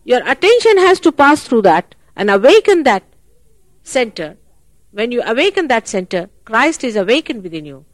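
A woman giving a spiritual talk at a public program, animated and full of rhetorical questions. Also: on the high side, moderate pace, no echo. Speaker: spiritual teacher.

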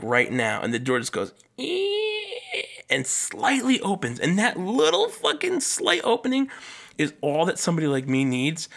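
A man hosting a solo podcast, talking in a casual, rambling way with lots of fillers and swearing, and jumping up in pitch for emphasis. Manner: animated, jumps up in pitch for emphasis. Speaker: podcast host.

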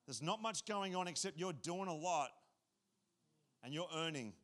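High-voiced male pastor, lively and joking, casual sermon delivery. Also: moderate pace. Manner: animated, casual and joking, repeats phrases.

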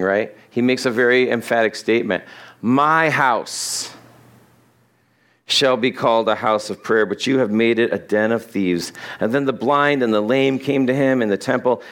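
Conversational male pastor preaching. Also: mid-range voice. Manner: conversational, animated, laughs at his own asides. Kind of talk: expository sermon. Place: church sanctuary.

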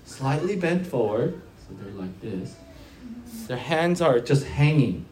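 Here a pastor with a medium-pitched voice preaches slowly and conversationally, his storytelling lively and ranging from hushed to loud. He tends to repeat and restart phrases, and the reverberant recording carries slight background noise.

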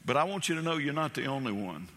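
A man's voice: mid-range voice, sing-song, quick pace, sharp tone, in a large hall. A male pastor preaching a sermon with passion, repeating phrases and telling folksy stories.

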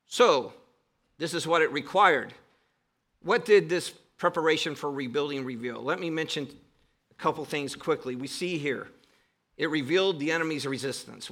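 A man's voice: a little high, bright, forceful tone. A man preaching a sermon as pastor, emphatic and exhorting with rhetorical questions.

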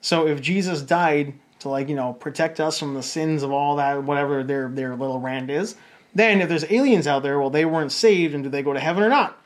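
A man in his forties in casual chat, animated and quick to act out other people's voices. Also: a little high. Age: 40s. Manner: animated, mimics voices in quoted arguments.

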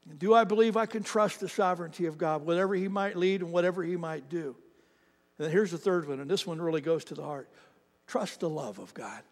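A man preaching a sermon as pastor, telling stories with animated emphasis that rises to shouts at the peaks. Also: on the high side, fairly quick, long reverb tail. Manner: animated storytelling, rising to shouts at climaxes.

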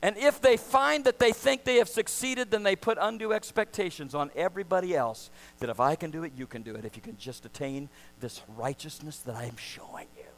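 High-voiced male pastor preaching with passion. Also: brisk, hardly any pauses, slight background noise, rough recording. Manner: impassioned preaching, swinging from loud to hushed. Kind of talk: sermon.

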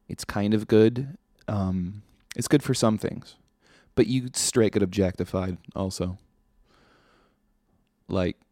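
A man's voice: lowish voice, mellow, no room sound, studio quality. A man hosting a podcast, delivering a casual comedic monologue in a sardonic, ranting, profane way. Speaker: podcast host.

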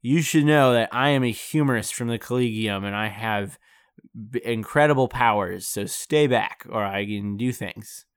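A man's voice: mid-range voice, normal speed, clear, resonant tone, no room sound, studio quality, close to an everyday voice. A man voicing a nervous, rambling young male scholar-magician in a storybook reading, with a slightly raised, stammering voice. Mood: nervous bluster.

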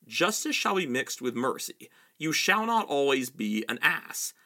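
A man voicing a majestic male lion, speaking quietly and solemnly while reading a novel aloud. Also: medium pitch, big pitch swings. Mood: stern. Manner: quiet, solemn, measured delivery.

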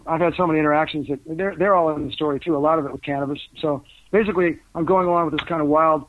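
A man's voice: fairly high pitch, dry recording. An older man, a guest author, telling long rambling stories in a casual interview, full of fillers and restarts. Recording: tinny phone-like dry sound.

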